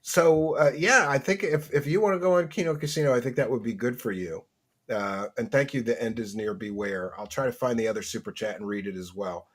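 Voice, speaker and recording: A man's voice: mid-range voice, brisk. A man hosting a casual livestream chat, reading viewer messages aloud and laughing often. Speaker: host.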